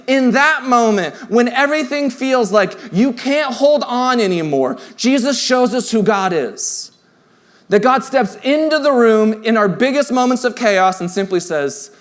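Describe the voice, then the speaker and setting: A man in his thirties preaching a sermon in a church, earnest and conversational, rising to emphatic points and dropping to quiet, tender passages. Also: very high-pitched, expressive, measured pace. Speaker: pastor. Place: church sanctuary.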